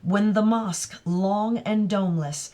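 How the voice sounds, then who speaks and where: Slow, careful woman reading a novel. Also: medium pitch, warm tone. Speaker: audiobook reader. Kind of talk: literary read-aloud narration.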